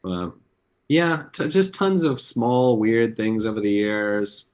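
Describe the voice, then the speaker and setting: Low-voiced man telling stories casually. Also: slow pace, darkish tone. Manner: loose, profane storytelling with many fillers. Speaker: comedian guest.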